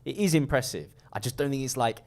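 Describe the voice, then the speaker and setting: A man co-hosting a football podcast, giving blunt, dry takes and acting out flat mock dialogue. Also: mid-range voice, fast. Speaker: podcast co-host. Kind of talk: casual chat.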